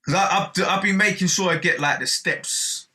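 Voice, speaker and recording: Casting note: male podcast co-host, bright tone, relaxed, casual swearing. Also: high-pitched, normal speed. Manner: laid-back, swears casually. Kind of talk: casual chat.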